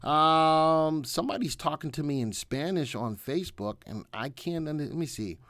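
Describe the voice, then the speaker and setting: A senior instructor hosts a casual live stream, chatting, reading viewer comments aloud, and talking to a helper off camera. His voice is a little high and fairly bright, at normal speed with hardly any pauses and no echo.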